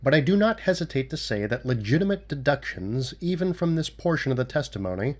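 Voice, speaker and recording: A man voicing a cool-headed male amateur detective who lays out his reasoning in a measured, lecturing way in an audiobook reading. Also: mid-range voice, big pitch swings.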